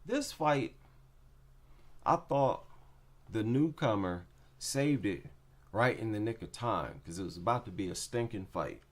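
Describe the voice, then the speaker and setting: An MMA commentator breaks down fights casually in an unhurried, drawn-out way, his lively intonation swinging widely in pitch as he offers opinions. He repeats his main points to hammer them home.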